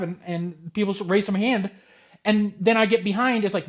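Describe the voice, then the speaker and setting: A young man telling a rambling, exasperated story in a casual vlog, with excited asides as he opens cards. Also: sits high, normal speed. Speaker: card collector vlogger.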